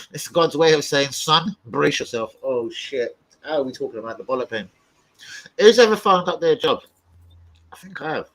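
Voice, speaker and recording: Over a rough recording, this football fan channel host speaks in a fairly high pitch. The young man swears plenty as he spins rowdy stories in relaxed conversation, his loud, lively telling punctuated by yelps and laughter.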